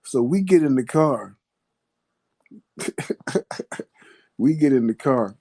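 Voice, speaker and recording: A man recounting a wild night in a loose, unhurried way, swearing freely and chuckling through it. His voice sits at an average pitch for a man. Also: animated, a little mellow. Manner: laid-back, profane, laughing. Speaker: storyteller. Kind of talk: casual storytelling.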